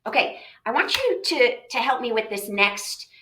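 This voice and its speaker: Woman teacher, bright tone, lively, echoey room, a bit far from mic. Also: fairly high pitch, normal speed, slight background noise. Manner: lively, acts out inner voices. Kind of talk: classroom reading lesson.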